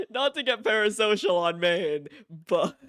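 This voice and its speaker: A man's voice: high-pitched, very animated, slow pace, fairly bright tone, no room sound. Giggly streamer guy, dry close mic. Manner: giggly, repeats words and restarts often. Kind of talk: casual chat.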